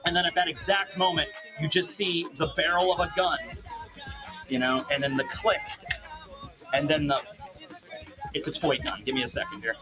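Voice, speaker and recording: High-voiced man recapping with music under. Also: normal speed, pauses often. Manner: animated, acts out quotes, heavy "like" and "you know" fillers. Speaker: manga commentator. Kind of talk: casual chat recap. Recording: clear music behind voice.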